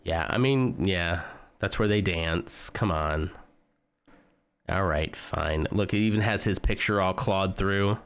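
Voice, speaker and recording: A man's voice: deep voice, slow, a bit bright, clear, resonant tone. A man streaming live, chatting casually and joking with his viewers as he browses. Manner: chatty, joking, talks to chat while browsing.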